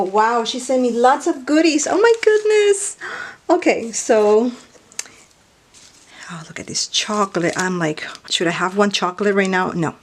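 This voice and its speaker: A woman in a casual unboxing vlog, gushing and exclaiming over every little item she pulls out. She often sinks into a soft near-whisper between the excited bits. Her voice sits at a middling pitch, with faint paper crinkling behind her. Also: a little hiss or hum. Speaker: craft vlogger unboxing mail. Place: indoors at night.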